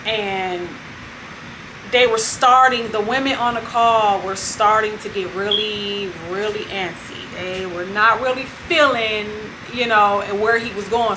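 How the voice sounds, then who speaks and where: A woman hosting her own vlog, telling a story in a casual, animated way and acting out what other people said. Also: a little high, noisy background. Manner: animated retelling that acts out other people's lines. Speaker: vlog host.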